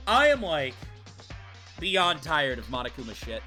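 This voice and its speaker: A man streaming a game, reacting loudly and swearing in exasperated outbursts. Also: high-pitched, big pitch swings, moderate pace, soft background music.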